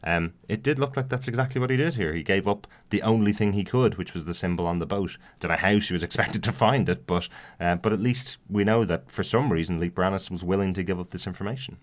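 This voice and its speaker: Enthusiastic deep-voiced male podcaster. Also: fast talker, few pauses. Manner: enthusiastic, laughs often. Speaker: podcast co-host. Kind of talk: casual TV review chat.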